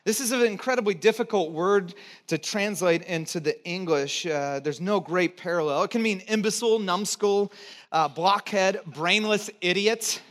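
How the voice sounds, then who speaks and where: A middle-aged American man preaching a conversational sermon in a church, asking the congregation to repeat words and adding joking asides, swinging between loud emphatic lines and quiet low ones. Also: normal speed. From United States. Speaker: pastor.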